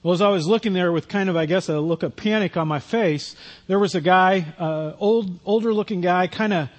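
High-voiced preacher telling a funny story. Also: male voice, fairly quick. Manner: self-deprecating storyteller, conversational with repeated restarts. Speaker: pastor. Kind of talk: sermon with a humorous personal story.

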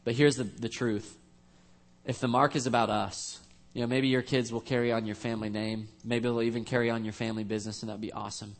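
A man's voice: medium pitch, little pitch movement, fast. A man preaching a sermon as a pastor, earnest and conversational, with frequent restarts.

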